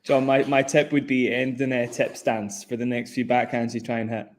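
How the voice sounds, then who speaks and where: A man's voice: medium pitch, flat delivery, normal speed. Man, casual co-host, playful, laughs often, live sports chat. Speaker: podcast co-host.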